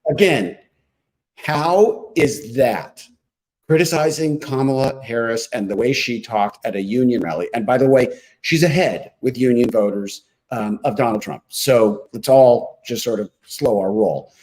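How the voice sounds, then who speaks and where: Brief: male pundit, mid-pitched voice, punchy and combative. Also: measured pace, a little mellow, poor audio. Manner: emphatic, combative, punchy rhetoric. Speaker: political commentator guest. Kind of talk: political commentary.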